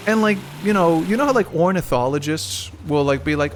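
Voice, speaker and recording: A man's voice: on the high side, lively intonation, fairly quick, hardly any pauses, slight background noise. A young man chatting casually on a live stream, rambling, swearing and laughing often.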